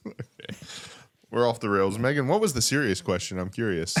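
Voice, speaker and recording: A man's voice: mid-range voice, animated, moderate pace. Goofy laughing young man. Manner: goofy, laughs often, slips into silly voices. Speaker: podcast co-host. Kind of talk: casual chat.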